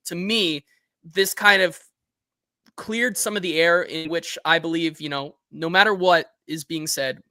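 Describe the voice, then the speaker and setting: A man hosting a sports talk show, chatting casually and reading out listener comments with animated energy. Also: a little high, no room sound, clean studio sound. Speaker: host.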